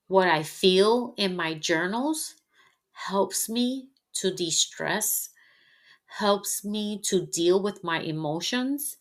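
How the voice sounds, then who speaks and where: A woman hosting a podcast, speaking in a personal, reflective monologue that is candid, heartfelt, halting and unhurried. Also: lowish voice, fairly bright tone. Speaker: podcast host.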